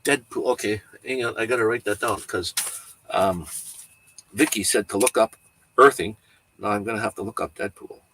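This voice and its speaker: A man hosting a relaxed livestream, wandering from one thought to the next with easy chuckles. His voice sits a little low and has a husky, slightly rough edge. He sounds unhurried and chatty, like he is talking to regulars. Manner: rambling, easygoing, chuckles often. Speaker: livestream host. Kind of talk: casual livestream chat.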